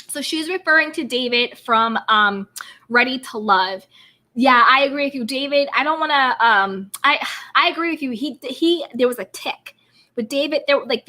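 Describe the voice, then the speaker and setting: A woman's voice: on the high side, pushed and bright. A young American woman hosting a live chat, reading out viewer comments and giving her take. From United States. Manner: chatty, reads out viewer comments. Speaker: livestream host.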